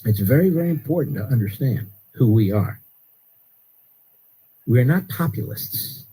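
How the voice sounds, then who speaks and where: A man hosting a talk radio show, delivering an emphatic political commentary monologue that rises to sharp outbursts. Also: animated, normal speed, slightly rough, poor audio. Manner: emphatic, rising to sharp high-pitched outbursts.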